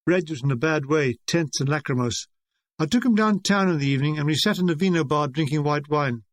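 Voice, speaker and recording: An older man reads his own memoir in a high, lively voice, tossing off jokes with a wry, deadpan touch. The sound is dry and close, with no room around it. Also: fairly quick, no room sound. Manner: wry, deadpan comic delivery. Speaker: author reading his memoir. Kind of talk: audiobook narration.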